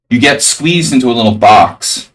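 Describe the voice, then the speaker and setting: Over a live chess stream, this man talks through his moves, tossing in dry jokes along the way. He has a mid-range voice, sits far from the mic, and the recording quality is low.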